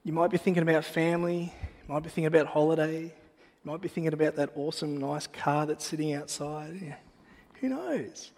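A man preaching a sermon in a church, praying and then telling a personal story in a casual, animated way with self-deprecating humor. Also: fairly high pitch, fairly quick, in a large hall. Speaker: pastor. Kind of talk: sermon with prayer and personal anecdote.

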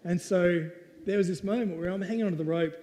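A man's voice: high-pitched, fast talker, warm tone. A man preaching a casual storytelling sermon, conversational and playful. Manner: conversational and playful, with lots of "right?". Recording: long reverb of a hall.

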